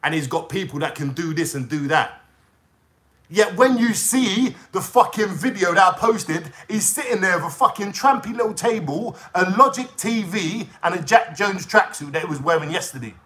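A man's voice: sits high, expressive, moderate pace, fairly bright tone. A young man with a London accent, venting a profane, confrontational call-out rant straight to camera in street slang. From England. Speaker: YouTuber.

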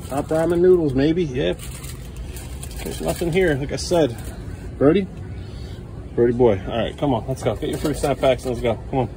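At home indoors, a man films a casual family vlog, talking patiently and playfully to his young sons and coaxing them along. His mid-range voice is warm, at normal speed with frequent pauses. The home video has clear background noise.

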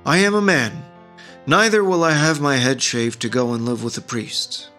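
A man's voice: medium pitch, normal speed, bright, forceful tone, faint music behind, close to an everyday voice. A man voicing an earnest young son of a god who speaks plainly and sincerely.

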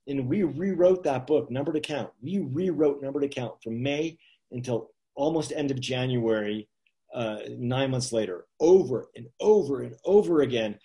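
A man in the middle of his range spins an anecdote with easy energy. He fills the gaps with little asides and chuckles as he goes, as an author chatting with his host. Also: mid-range voice. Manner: animated anecdotes with many "you know" asides and chuckles. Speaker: author guest. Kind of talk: casual storytelling on a live video chat.

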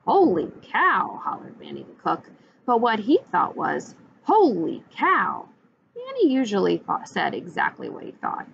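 A woman, a teacher, reading a children's picture book aloud with expressive, animated storytelling. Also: fairly low pitch, moderate pace, gravelly, muffled recording, slight background noise.

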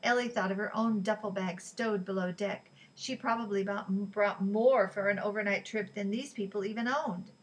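A woman narrating a novel in a steady, measured reading voice. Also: medium pitch, rough recording. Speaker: audiobook narrator. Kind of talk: scripted narration.

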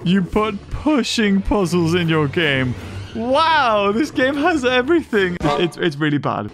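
A man giving excitable let's-play commentary as a gaming channel host. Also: high voice, slow pace, soft background music. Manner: excitable, exclaiming.

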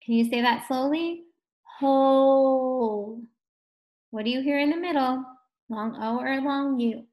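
A woman teaching a phonics lesson to first graders, slow and encouraging, stretching words out for the children. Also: high-pitched.

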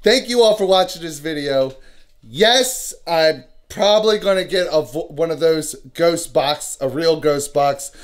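A man in his thirties, an excitable family vlogger, out of breath and loud, wrapping up a home video. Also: fairly high pitch, unhurried. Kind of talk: casual home vlog outro.

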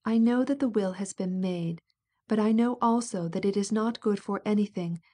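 A proud princess, bitter and cutting, her words edged with wounded resentment, as a woman reads her in an audiobook. The tone is mellow and dark rather than shrill. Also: normal speed, natural voice. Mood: bitter, indignant.

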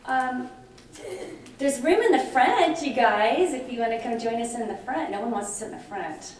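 A middle-aged woman giving a lively conference presentation, chatty and animated, often checking in with her audience. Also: fairly high pitch, normal speed. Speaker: conference speaker on dementia care. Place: large conference room. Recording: very echoey hall from far off, faint noise.

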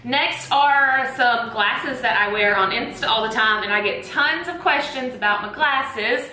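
A young woman with a Southern US accent talks to the camera in an enthusiastic, gushing, emphatic way. Her voice sits a little high and sounds bright and forceful. The sound carries a noticeable room echo. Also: a little slow, a little hiss or hum. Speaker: teacher vlogger. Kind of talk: casual product chat to camera. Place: room lit with bright lights.

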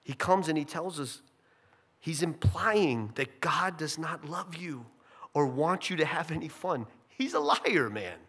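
A male pastor preaching a sermon in an animated, conversational way with jokey asides. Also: fairly high pitch, unhurried, breathy edge.

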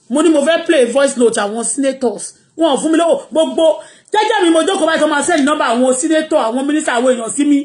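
A Nigerian woman with a Yoruba accent hosting her own live stream, ranting excitably and mixing English with Yoruba. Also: high voice, racing. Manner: excitable, switching between English and Yoruba, bursts of shouting and laughter. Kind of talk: animated live-stream rant.

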